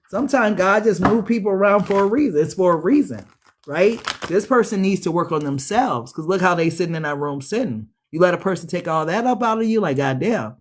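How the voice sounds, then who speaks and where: High-pitched guy doing a loose tarot reading, cussing and laughing. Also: slight background noise. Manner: animated, swearing, laughing, talks back to the cards. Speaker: tarot reader. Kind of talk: casual tarot reading monologue.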